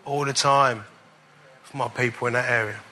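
A man preaching, telling a personal testimony in an animated way and chuckling at the funny parts. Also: medium pitch, moderate pace, slight background noise. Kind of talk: storytelling sermon.

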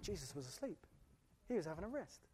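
A woman's voice: lowish voice, big pitch swings, fairly quick, warm tone, slightly rough. A woman preaching a sermon, impassioned and emphatic, often stumbling into repeated restarts.

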